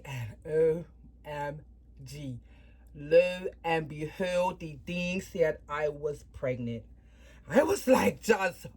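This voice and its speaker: A woman casually telling her life story to camera, chatting with viewers and checking in with them often. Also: on the low side. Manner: animated retelling, voices shift up and down. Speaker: doll hobby vlogger.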